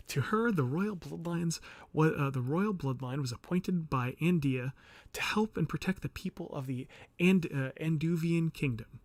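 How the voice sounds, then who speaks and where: A man's voice: a little high, no room sound. A male streamer in casual livestream commentary, chatty and rambling, reading game text aloud with frequent laughter.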